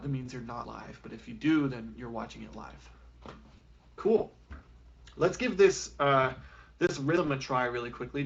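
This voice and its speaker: A man leads a beginner flute class over a live stream, speaking in a relaxed, encouraging way with lots of "um" and "okay". His voice sits in a middle pitch, and the audio is a little dull and lo-fi. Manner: casual, encouraging, with frequent fillers. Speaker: music teacher. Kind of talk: live online music lesson.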